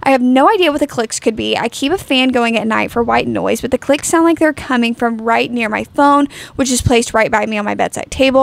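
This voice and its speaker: A woman's voice: on the high side, vocal fry. A young woman co-hosting a chatty podcast who rambles with lots of fillers and reads a story aloud. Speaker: podcast co-host. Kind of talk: casual chat, reading a story aloud.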